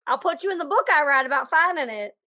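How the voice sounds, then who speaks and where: A woman's voice: high voice, expressive, fast talker, pushed and bright. A woman co-hosting a casual chat, talking in a playful, joking way.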